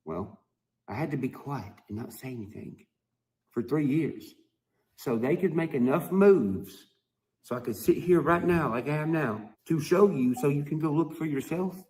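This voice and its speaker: A man vents in a heated video monologue, swearing freely and hammering his points home. His voice sits somewhat high for a man. He drags phrases out and leaves long pauses between them. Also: animated, a little mellow. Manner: profane, heated, emphatic. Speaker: musician vlogger.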